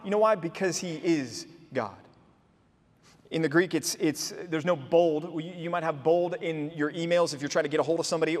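In a sermon, a pastor with a notably high voice earnestly explains scripture to his congregation. He frequently pauses to pose rhetorical questions to them. The long reverb of a church hall surrounds his voice.

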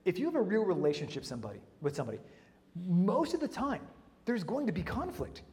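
A man preaching a sermon in a lively way, with humorous asides and frequent restarts. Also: high voice, quick pace, in a large hall.

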